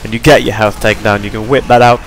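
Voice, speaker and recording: A man's voice: on the low side, steady tone, quick pace, faint music behind. A tired young man giving rambling, chatty commentary over his gameplay, yawning between points. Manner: rambling, chatty, self-deprecating.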